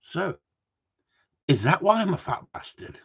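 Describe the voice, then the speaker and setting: A man's voice: high voice, very animated, unhurried, vocal fry, fairly bright tone, slightly rough, highs cut off. A man chatting casually to viewers in a rambling, cheeky way, swearing freely. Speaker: vlogger.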